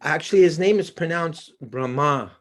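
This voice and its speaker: A man moderating an online scripture study group, polite and a little halting, heard over a video call. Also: on the high side. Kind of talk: casual moderating.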